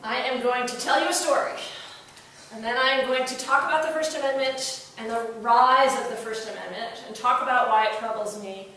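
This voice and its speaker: A woman law professor tells a story during a public lecture, chatty and wry, with fillers and restarts. Her fairly high voice comes from a distance in a very echoey hall. Faint noise sits underneath. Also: fairly quick, sharp tone.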